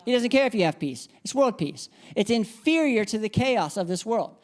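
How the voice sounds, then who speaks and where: A woman's voice: on the high side, lively intonation, normal speed. Woman preaching an emphatic sermon. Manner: emphatic, repeats key phrases, leads congregation responses. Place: church.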